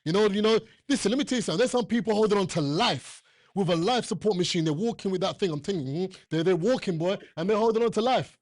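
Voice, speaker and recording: A man's voice: high voice, fast talker, no room sound, clean studio sound. A man preaching a sermon, emphatic and repetitive, joking with the congregation and often asking them questions. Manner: asks the listeners questions often.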